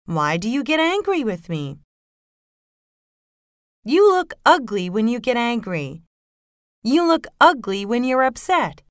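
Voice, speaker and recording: Woman reading mom lines slow, lots of lilt, dry mic. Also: fairly high pitch, very animated, no echo. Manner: slow, lilting, carefully enunciated. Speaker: narrator voicing a mother's lines. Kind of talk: slow scripted phrase reading.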